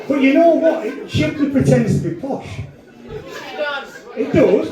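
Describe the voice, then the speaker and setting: Brash Northern comedian in an echoey room. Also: male voice, very high-pitched, expressive, unhurried, music in the background, crowd noise. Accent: Northern English. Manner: brash, sweary banter with the audience. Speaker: stand-up comedian. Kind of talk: live stand-up set with crowd work. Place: comedy venue with a live audience. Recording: echoey live room, distant mic, audience laughter.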